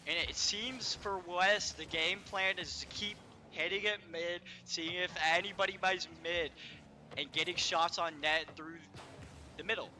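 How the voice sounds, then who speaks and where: A young man doing brisk play-by-play commentary on an esports match, calling out player names. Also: sits high, fairly even intonation, bright, forceful tone, a little hiss or hum. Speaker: esports caster.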